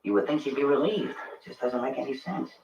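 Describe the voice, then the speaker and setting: A man's voice: mid-range voice, a little fast, darkish tone, recorded from a distance, dull audio, a little hiss or hum, lightly acted. Columbo, a musing police lieutenant played by a man. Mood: puzzled. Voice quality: hesitant, mulling things over aloud. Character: rumpled male police lieutenant, musing and persistent. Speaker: detective. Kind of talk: 1970s TV crime drama acting. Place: TV playing in a room. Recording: TV audio echoing from across a room.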